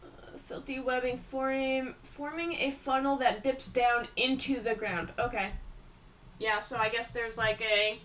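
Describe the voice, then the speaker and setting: A woman running a tabletop game as game master, explaining scenes slowly and checking her notes aloud. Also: fairly high pitch, steady tone, fairly bright tone, far from the mic, a little hiss or hum, low-quality recording.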